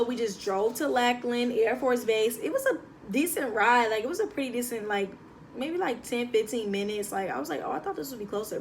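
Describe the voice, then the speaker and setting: A young woman, telling a lively story to her phone camera in a casual vlog. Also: on the high side, a little hiss or hum. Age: young adult. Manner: chatty, animated, slangy. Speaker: vlogger. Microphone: phone propped on a table.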